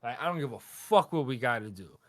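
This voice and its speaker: A man's voice: mid-range voice, no echo, studio quality. A man co-hosting a podcast, casually recapping a manga chapter and acting out the characters' lines with lots of swearing. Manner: animated, swearing, acting out characters in quick voices. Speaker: podcast co-host.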